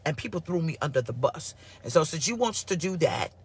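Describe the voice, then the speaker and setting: A woman pastor giving a casual live-streamed sermon, sassy and animated as she answers her online viewers. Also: low-pitched, fairly quick, husky. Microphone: phone or computer mic for live stream.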